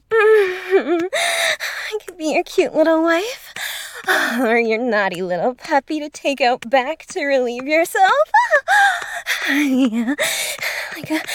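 A woman in an intimate audio role-play, breathy and moaning, pleading, slipping into soft whispers. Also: high-pitched, no echo.

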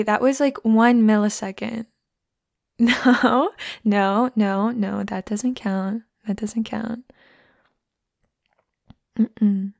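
Whispered role-play: a woman playing a teasing young friend, unhurried and a little gravelly. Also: on the high side, no echo. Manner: soft teasing whispers and giggles.

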